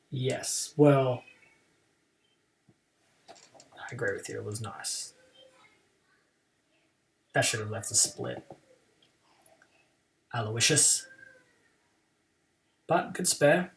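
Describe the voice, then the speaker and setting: A man's voice: medium pitch, very slow, gravelly, pauses often, recorded from a distance. A man streaming a game live and chatting casually about his play, with playful trash talk toward his opponent.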